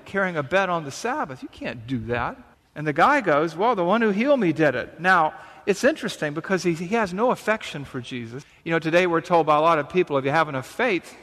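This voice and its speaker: A man's voice: a little high, fairly bright tone. A man preaching a sermon, reading scripture and then explaining it earnestly and emphatically, with frequent rhetorical questions. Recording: reverberant hall sound.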